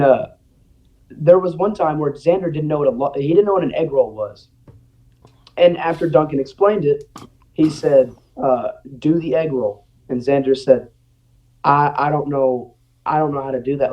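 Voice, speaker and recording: A man's voice: on the high side, normal speed, poor audio. A young man, a podcast guest, telling stories in a casual way and acting out the voices of the people he quotes. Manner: animated, acts out quoted voices. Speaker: guest, former ranch student. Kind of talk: casual storytelling.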